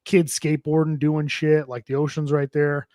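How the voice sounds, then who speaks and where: A man's voice: on the high side, flat delivery, normal speed, a little mellow, no echo, clean studio sound. A man on a podcast telling a rambling travel story, swearing often and acting out what people said. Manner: rambling storyteller, swears a lot, acts out quotes. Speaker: podcast co-host. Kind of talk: casual podcast chat.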